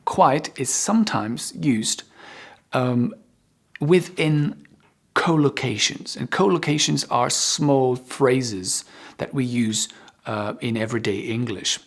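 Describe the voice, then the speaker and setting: A man teaching an online English lesson, explaining patiently with many examples and often checking in with "okay?". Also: mid-range voice. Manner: lively, upbeat sign-off.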